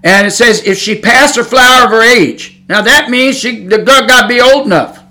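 A man's voice: very high voice, normal speed, bright, forceful tone. A middle-aged man preaching as a Pentecostal pastor, blunt and folksy, hammering home his points in a sermon.

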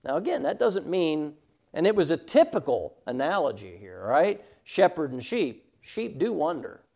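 A man's voice: fairly high pitch, very animated, normal speed, vocal fry, mellow. A middle-aged man teaching a Sunday school class, emphatic and often checking in with "all right?".

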